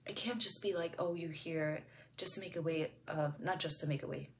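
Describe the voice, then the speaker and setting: A woman with a deep, low voice talks through a Bible passage in a personal reflection. She speaks softly and thoughtfully, full of little fillers, and now and then lets her voice fall to a whisper. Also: moderate pace, slight background noise. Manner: soft-spoken, musing, with frequent fillers; sometimes drops to a whisper. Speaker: devotional video host.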